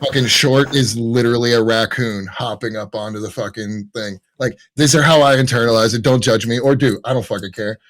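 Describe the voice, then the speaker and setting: A man's voice: medium pitch, a little fast, hardly any pauses, a bit bright. A man co-hosting a casual podcast, rambling and swearing freely as he riffs. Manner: rambling, profane, slips into silly voices. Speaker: podcast co-host.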